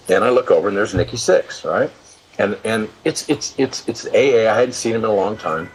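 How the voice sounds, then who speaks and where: A husky, very low-voiced man in his sixties tells rambling stories from his career, swearing freely and tripping over his own restarts. His delivery is loose and animated, the talk of an old hand reminiscing in a casual interview. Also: low-quality recording. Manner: profane, animated storyteller with many restarts. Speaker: guest, live event production executive.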